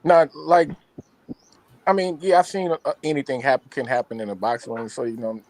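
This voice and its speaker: A man's voice: medium pitch, steady tone, fairly quick, a little mellow, a little hiss or hum, low-quality recording. A man on a panel chat, laid-back and profane, breaking down a fight. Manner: laid-back, profane, says "you know what I mean". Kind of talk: casual boxing analysis.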